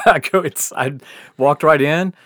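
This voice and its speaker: A man's voice: a little high, takes it slowly, fairly bright tone, dry recording, studio quality. A man telling a wild story in casual chat, laughing often, swearing freely and acting out what people said. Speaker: podcast host telling a story.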